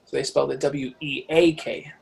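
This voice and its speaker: A middle-aged man telling stories as a guest on a podcast, animated and talkative, swearing casually. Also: medium pitch, normal speed, vocal fry. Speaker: podcast guest, author and professor. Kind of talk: casual interview storytelling.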